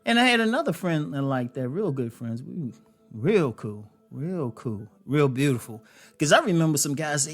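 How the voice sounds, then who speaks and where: A man's voice: on the high side, big pitch swings, brisk. A man hosting a dating advice show, speaking to women in a loose storytelling way, with many fillers. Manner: conversational, storytelling, frequent fillers and laughs. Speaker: host. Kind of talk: casual advice monologue.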